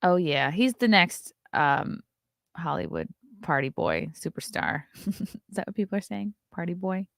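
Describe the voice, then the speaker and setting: Woman morning host, lower voice, chatty and sarcastic, dry close mic. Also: vocal fry, fairly bright tone, no echo. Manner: chatty and wry, quick asides. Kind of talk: casual commentary reading celebrity news.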